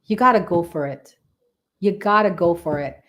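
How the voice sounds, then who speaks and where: A woman's voice: lowish voice, moderate pace, a bit bright. A woman hosting a live-stream tarot reading, chatty and enthusiastic, repeating phrases for emphasis and talking straight to her viewers.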